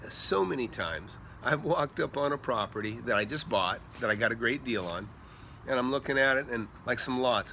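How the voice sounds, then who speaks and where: A middle-aged man telling rambling, animated stories as a real estate investor, chatting casually outdoors by a pool at night. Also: medium pitch, vocal fry, slight background noise. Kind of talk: casual storytelling vlog.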